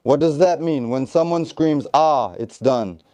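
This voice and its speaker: A man's voice: on the high side, unhurried, mellow, no echo. A man instructing trainees in tactical first aid, coaching them step by step and repeating short encouragements. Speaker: military tactical medicine instructor.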